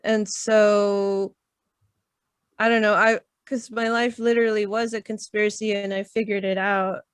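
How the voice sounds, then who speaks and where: Smooth, dry-voiced woman doing stand-up. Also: medium pitch, flat delivery, unhurried, dry recording. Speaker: stand-up comedian. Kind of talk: stand-up comedy.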